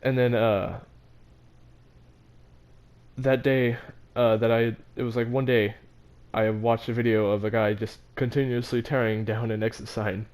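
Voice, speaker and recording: A man's voice: mid-range voice, little pitch movement, measured pace, darkish tone, smooth. A teenage boy telling a story about his school in a casual, rambling, self-mocking way, with many fillers and restarts. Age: teens. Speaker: vlogger.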